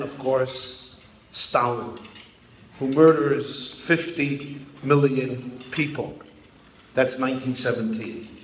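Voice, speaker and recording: A man telling anecdotes and speaking with emphasis to an audience at an evening celebration. His voice sits a little high for a man. It rings out in a large hall with long reverb and faint ambience. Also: a bit bright, a little hiss or hum. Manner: storytelling, emphatic.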